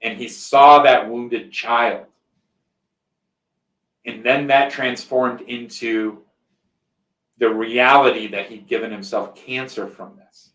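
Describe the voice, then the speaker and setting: A man's voice: medium pitch, steady tone, slow, pauses often, fairly bright tone, distant mic. Rambling man telling a story, roomy sound. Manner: rambling, checks in with frequent "right?" tags. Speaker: podcast host. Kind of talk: conversational storytelling. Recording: roomy echo.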